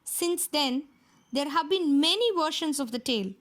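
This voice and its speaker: A woman reading a fairy tale aloud for children in a steady storytelling manner. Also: high voice, normal speed.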